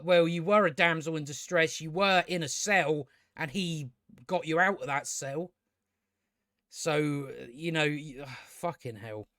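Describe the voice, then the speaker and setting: A man's voice: on the high side, fairly bright tone, dry recording, studio quality. A young man ranting through a casual TV review, exasperated, sweary and repeating himself. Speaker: TV review vlogger.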